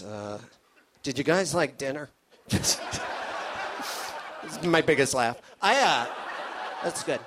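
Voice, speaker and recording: A man's voice: fairly high pitch, fairly bright tone. A man doing a live stand-up set, rambling and cutting himself off, nervous in tone. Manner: rambling, self-interrupting, nervous. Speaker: stand-up comedian. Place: comedy stage with an audience.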